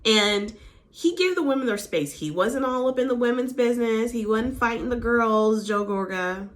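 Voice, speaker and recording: A woman hosting a casual reality TV recap, chatty and animated, who often slips into quick impressions of the cast. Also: on the high side. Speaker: recap host.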